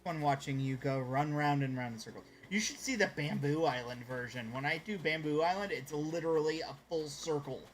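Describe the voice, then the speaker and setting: A man's voice: fairly high pitch, fairly quick, few pauses, a little hiss or hum. A man chatting casually on a live stream while gaming, rambling and greeting viewers by name.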